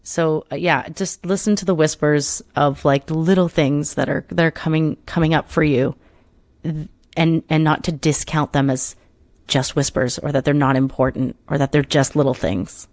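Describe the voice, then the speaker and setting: Her voice is low and a little mellow, with fairly even intonation at a normal speed, and there's no echo. A performer and coach on a podcast, she speaks earnestly in a reflective interview, wandering a bit, frequently restarting, and leaning on "you know."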